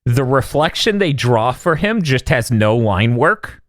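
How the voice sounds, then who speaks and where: A man's voice: mid-range voice, a little slow, no room sound, clean studio sound. A man co-hosting a podcast, casually recapping a film and acting out its lines with bursts of laughter. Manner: animated storyteller who acts out lines with laughter. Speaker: podcast co-host.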